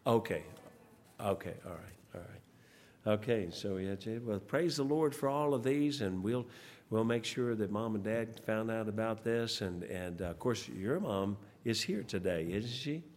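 A man, a pastor leading church service announcements in a rambling, folksy way, pausing often. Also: on the low side, a little mellow. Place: church sanctuary. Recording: long church hall reverb, faint noise.

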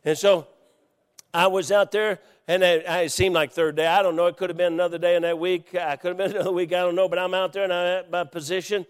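Folksy preacher in a reverberant hall. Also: male voice, sits high, quick pace, clear, resonant tone. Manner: folksy, animated storyteller who acts out quotes. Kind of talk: storytelling sermon.

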